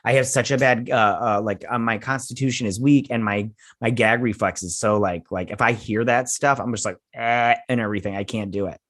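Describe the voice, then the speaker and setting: A man's voice: on the low side, a little fast, hardly any pauses, no echo, studio quality. A man hosting a show, casually recapping a TV episode in a rambling way, acting out the characters' lines and sounding a bit tired. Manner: rambling, animated retelling with acted-out quotes. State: tired, yawning. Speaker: host.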